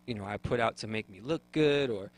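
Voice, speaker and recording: A man's voice: lowish voice, a little fast, low-quality recording. A young man on a radio talk show, sharing his faith testimony in an earnest way and often repeating words as he looks for them. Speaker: guest.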